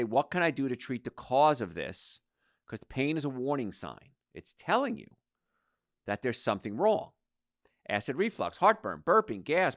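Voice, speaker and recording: A man in his sixties hosts a radio health show, talking with emphatic energy and a lively pitch that leaps up and drops low. He rattles off long lists. The studio sound is close and dry. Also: no room sound. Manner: animated, emphatic preacher-like delivery with lists.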